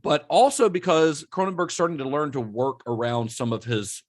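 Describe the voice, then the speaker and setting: A man's voice: fairly high pitch, lively intonation, moderate pace. A man hosting a film podcast in casual chat, explaining at length and laughing often as he talks. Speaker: podcast host.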